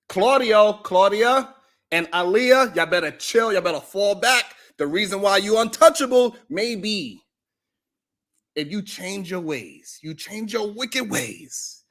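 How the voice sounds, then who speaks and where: A man hosting a podcast, delivering a mocking roast monologue that swings from loud shouts to low mutters. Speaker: podcast host.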